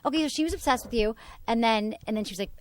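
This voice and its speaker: A woman's voice: a little high, rapid-fire, no echo. A woman hosting a podcast, teasing her guest with probing questions. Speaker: podcast host. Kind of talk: casual podcast chat. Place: studio.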